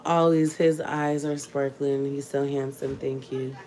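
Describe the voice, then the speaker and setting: With a rumbling low voice, little pitch movement and a measured pace, a young woman vlogger and mother talks casually and emphatically straight to her viewers. At times she softly coos baby talk to her infant.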